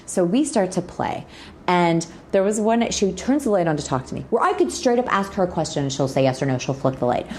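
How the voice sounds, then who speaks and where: A middle-aged woman with a lowish voice that swings widely up and down as she tells her stories. She's frank and a little crude, and she acts out the people in them. It's a podcast guest in full storytelling mode. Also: brisk, a little hiss or hum. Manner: lively, acts out quoted people with big pitch jumps. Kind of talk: animated storytelling in a podcast interview.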